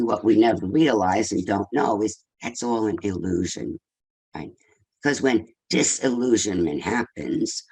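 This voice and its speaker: An older man talks to a senior audience about love in an informal, conversational way. His voice is low, gravelly and a little husky. He often asks rhetorical questions and ends points with a quick "right?". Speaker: speaker on relationships.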